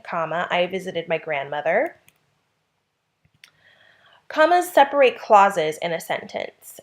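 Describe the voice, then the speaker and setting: A woman teaching an English grammar lesson at a medium pitch. She reads example sentences aloud and talks through them with mild fillers. Her explanations are clear and orderly.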